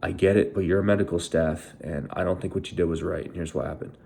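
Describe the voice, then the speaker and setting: A young man with a low, mellow voice tells his own story straight to camera. He sounds bitter and angry and swears constantly. He talks like a veteran venting about how he was treated. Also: steady tone, fast talker, vocal fry, slight background noise. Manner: angry, heavily profane, bitter. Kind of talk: emotional first-person storytelling.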